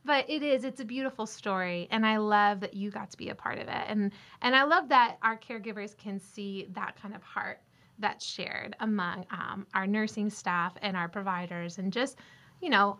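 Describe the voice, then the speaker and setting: A woman's voice: mid-range voice, steady tone, moderate pace, sharp tone. A woman hosting a casual interview podcast, encouraging and a little emotional as she talks with her guest. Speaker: podcast host.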